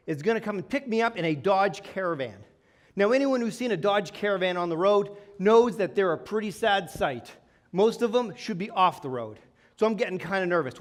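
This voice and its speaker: A man with a high-pitched voice delivers a comedic keynote on a conference stage. He tells his stories with lively energy and banters freely with the crowd. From Toronto, Canada. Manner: energetic, humorous storytelling with audience banter. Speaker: keynote speaker. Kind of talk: live comedic keynote presentation. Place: conference stage before a live audience.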